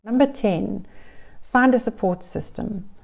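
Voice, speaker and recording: Woman, middle-aged, parenting coach, earnest, encouraging, mellow, even pitch. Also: a little slow, creaky. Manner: earnest, encouraging, repeats phrases in lists. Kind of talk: direct-to-camera advice vlog.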